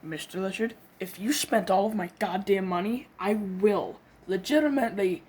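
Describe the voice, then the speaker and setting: A woman performing a comedic skit, voicing quarrelling characters with cursing, yelps and shouting outbursts. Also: mid-range voice, normal speed, slight background noise.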